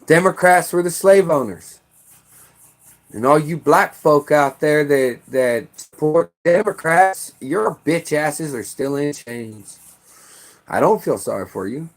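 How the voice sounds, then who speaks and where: High-voiced american guy ranting hard, swearing, bursts of yelling. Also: lively intonation, takes it slowly. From United States. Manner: heated, profane, shouting bursts. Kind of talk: angry political rant.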